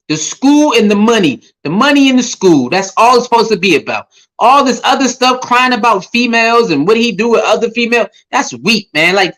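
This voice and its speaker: Animated man ranting in casual commentary. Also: high voice, poor audio. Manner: animated, mocking put-on voices for critics. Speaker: commentary channel host.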